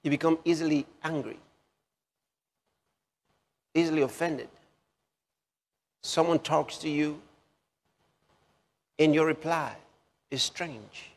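A man delivers a sermon at a very slow, deliberate pace, repeating phrases and leaning into them with emphatic rises. His voice sits a little high, and it rings out with a long reverb. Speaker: preacher.

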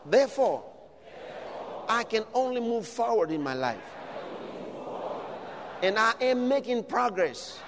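A man preaching a sermon, building from steady teaching to shouted declarations. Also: high voice, slow pace, pauses often, big-room sound, noisy background.

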